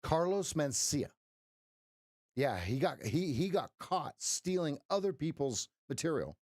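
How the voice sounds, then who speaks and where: A man's voice: a little high, very animated, a little slow, darkish tone, dry recording, studio quality. A middle-aged man hosting a live trading stream, chatting casually with viewers, joking and giving folksy pep talks. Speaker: livestream trading host. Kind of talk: casual livestream chat with viewers.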